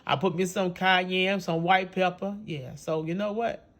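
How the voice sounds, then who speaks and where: Animated Louisiana man with a high voice. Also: measured pace. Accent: Louisiana Cajun English. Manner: chatty and animated, laughs often, folksy dialect. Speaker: cooking show host. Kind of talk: casual cooking video chat.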